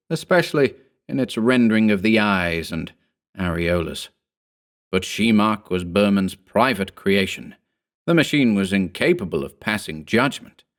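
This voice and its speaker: A man giving a scripted horror narration in a measured, steady storytelling manner. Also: lowish voice.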